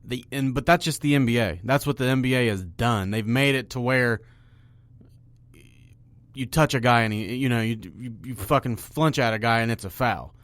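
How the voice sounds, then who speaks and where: A man's voice: mid-range voice, normal speed, dry recording. A man co-hosting a sports podcast, arguing his points in casual debate and talking over his co-host. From Ohio. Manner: argumentative, talks over his co-host, gets loud when excited.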